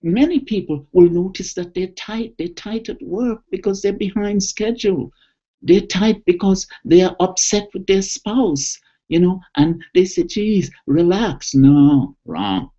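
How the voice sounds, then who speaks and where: A man's voice: sits high, warm tone, highs cut off. A man presenting a webinar on stress, talking enthusiastically and coaxing listeners through a guided relaxation exercise. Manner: enthusiastic, coaxing, slow and deliberate. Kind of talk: motivational talk with guided relaxation.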